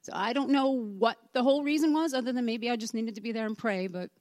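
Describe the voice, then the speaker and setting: A woman from the congregation tells a personal testimony as a relaxed story and acts out the dialogue as she goes. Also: fairly high pitch, fast talker, dry recording. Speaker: church member giving a testimony.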